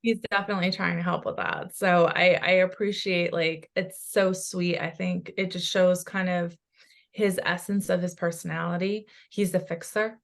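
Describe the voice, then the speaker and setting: A woman psychic medium in casual chat, talking in an animated, rambling way with quick asides. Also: on the low side, gravelly.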